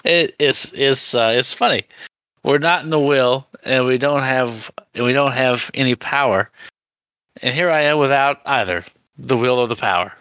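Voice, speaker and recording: A man's voice: mid-range voice, bright, forceful tone, dry recording, lo-fi sound. A man voicing a drunk, bitter uncle who stammers and jokes wryly. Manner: stammering, jittery, wry.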